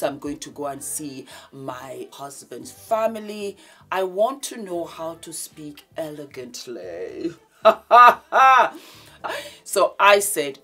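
A woman hosts an etiquette vlog in a low, unhurried voice. She swings from big, loud greetings to soft, hushed demonstrations, speaking slowly and carefully to her viewers. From Nigeria. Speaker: etiquette vlogger. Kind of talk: casual etiquette lesson to camera.

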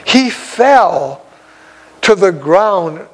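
A man's voice: high-pitched, very animated, extremely slow, low-quality recording. A man, an evangelist, telling a story in a sermon in a folksy, exclamatory way with frequent chuckles.

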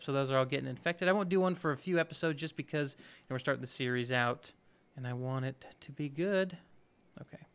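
A man's voice: fairly high pitch, fairly bright tone, clean tone. A man hosting a let's play, giving upbeat, chatty gameplay commentary and thinking aloud as he goes.

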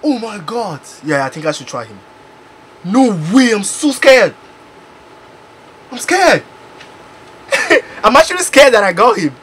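A man commenting on his video game pack opening, excitable and bursting into loud exclamations. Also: sits high, measured pace, long pauses, slight background noise. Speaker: gaming YouTuber.

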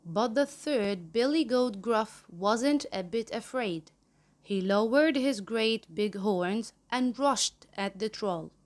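A woman reads a children's picture-book story aloud, taking each phrase slowly and clearly. Her voice sits fairly high, and she is in no hurry at all. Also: lively intonation. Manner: slow, clear storybook reading. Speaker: storyteller host of the channel.

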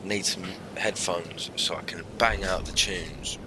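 A man's voice: sits low, steady tone, unhurried, noisy background. A young man swearing and muttering as he gives casual commentary on his own gameplay. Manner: swearing, slangy, mutters under his breath. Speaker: gaming YouTuber.

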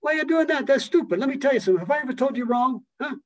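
A man's voice: very high-pitched, animated, voice pushed up. A man putting on a brash, pushy Philadelphia man who scolds a friend with needling questions. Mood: scolding. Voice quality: loud, needling, rapid-fire questions.

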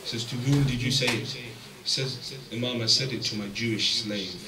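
A man from the UK giving a sermon as a guest speaker, telling stories that swing from hushed to impassioned. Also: mid-range voice, fairly even intonation, normal speed. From United Kingdom. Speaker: guest speaker at a religious gathering. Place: large hall with an audience. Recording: echoey hall, mic at a distance, crowd present.

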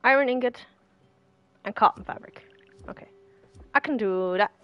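A woman's voice: fairly high pitch, normal speed, highs cut off. A woman casually chatting and thinking aloud while playing a game. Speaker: game streamer. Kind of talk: casual let's play commentary.

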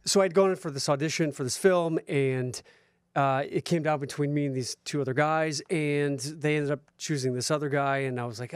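A man, a guest on a talk show, telling self-mocking anecdotes in an animated, casual way. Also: a little high, normal speed, clear, resonant tone, dry recording, clean studio sound. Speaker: guest actor turned real estate investor.

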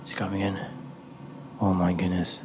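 A man's voice: sits low, completely flat delivery, moderate pace, noisy background. A young man giving let's play commentary, jittery and repeating words in nervous runs. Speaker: gameplay streamer.

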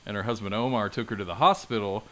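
A man's voice: on the low side, quick pace, a bit bright. A man hosting a casual film podcast, summarizing in an easygoing way with many fillers. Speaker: podcast host.

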